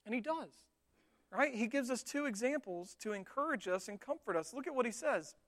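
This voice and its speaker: A man preaches a sermon in an easy, conversational way. He keeps checking in with his congregation with quick rhetorical tags and tells stories with lively energy. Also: very high voice. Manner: conversational, with frequent rhetorical tags and animated retellings. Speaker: pastor.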